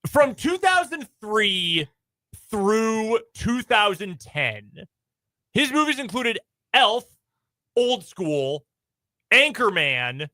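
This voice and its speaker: A man's voice: sits high, very animated, sharp tone, no echo. A man co-hosting a sports talk radio show, chatting enthusiastically about movies with his fellow hosts. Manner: chatty, enthusiastic, lists things quickly. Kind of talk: casual sports radio banter.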